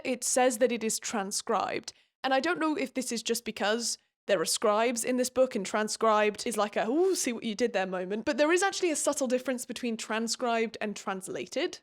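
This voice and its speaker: Young British woman, sarcastic vlog host voice with a high pitch and chatty asides. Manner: sarcastic, fast asides, laughs often. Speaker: book recap host. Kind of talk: casual book recap vlog.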